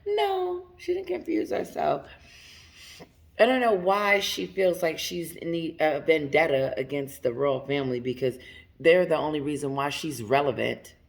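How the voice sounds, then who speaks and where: A woman's voice: deep voice, moderate pace, gravelly. A woman giving casual commentary straight to her viewers, emphatic and laughing often. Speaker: commentary channel host.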